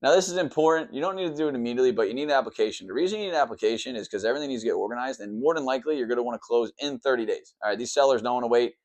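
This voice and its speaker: Brief: fast-talking male mortgage lender at a whiteboard, rambling, mid pitch, keeps saying "okay". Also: animated. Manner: fast, rambling, full of "okay" and "all right" check-ins; says he talks fast and tries to slow down. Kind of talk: explaining the mortgage process.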